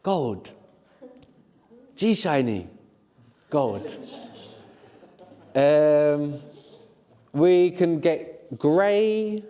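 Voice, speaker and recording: A middle-aged man teaching a live workshop, encouraging the learners and often checking in with a quick "no?". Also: fairly high pitch, animated, mellow, in a large hall. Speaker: language teacher.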